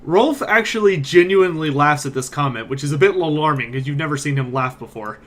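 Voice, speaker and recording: A man narrating a tabletop role-playing game as game master, moving quickly between narration and character lines. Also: a little high, fairly bright tone.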